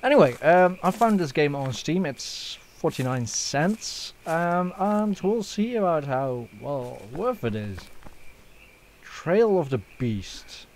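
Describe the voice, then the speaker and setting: A man's voice: a little high, expressive, slow, darkish tone, a little hiss or hum. A young man hosting a let's play, joking around, swearing and using lots of fillers. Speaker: gaming channel host.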